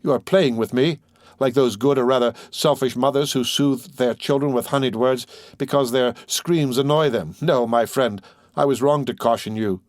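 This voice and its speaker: A man's voice: mid-range voice, moderate pace, no echo, studio quality, lightly acted. A man reading an audiobook voices a grieving young man who sounds desperate, impassioned and pleading.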